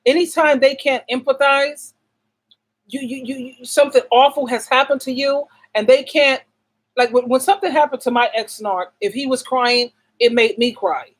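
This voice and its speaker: A middle-aged woman who hosts a relationship advice channel talks bluntly and casually to camera, emphatic, posing rhetorical questions she answers herself and repeating words for stress. Her voice sits high at a moderate pace, and the audio is poor.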